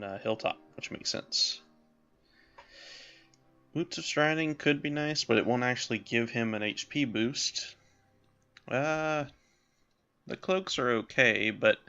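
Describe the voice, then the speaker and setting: Voicing characters as he plays a role-playing game, this let's play host thinks out loud and pokes fun at himself. His voice is lowish, creaky and bright with a forceful tone, and the recording has a slightly dull lo-fi quality.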